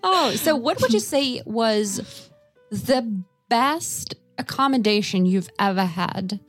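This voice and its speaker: A lively woman, speaking in a fairly high voice. She chats casually and swings her pitch when she quotes herself. Faint music sits behind her. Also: slow pace. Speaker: conversation partner. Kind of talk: casual chat.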